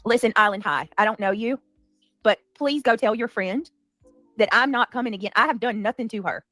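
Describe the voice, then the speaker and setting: A woman's voice: fairly high pitch, a little fast, bright, forceful tone, no room sound, soft background music. Woman, livestream host, indignant commentary, dry sound. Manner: indignant, defensive, emphatic.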